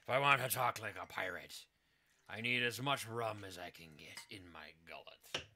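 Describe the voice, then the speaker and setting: A man's voice: on the low side, moderate pace, bright, forceful tone, slight background noise. A man hosting a casual live stream with his wife, rambling and chatty, breaking off and restarting his thoughts, and reading silly word-game stories aloud with mock seriousness.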